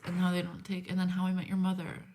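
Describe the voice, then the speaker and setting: A woman's voice: fairly low pitch, quick pace, noisy background. A woman from Canada, co-hosting a casual chat among friends and telling stories bluntly. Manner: blunt, animated storyteller. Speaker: co-host.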